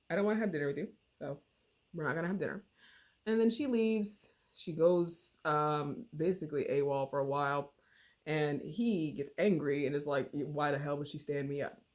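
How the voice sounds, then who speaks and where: A book reviewer with a low, slightly mellow voice casually recaps a book's plot. She retells it in a slangy, chatty manner packed with fillers.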